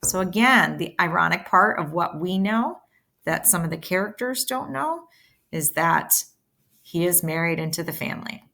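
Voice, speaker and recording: Low-voiced woman explaining a play. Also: moderate pace, gravelly. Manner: switches between plain explaining and lively line reading. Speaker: teacher. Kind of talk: reading a play aloud with explanations.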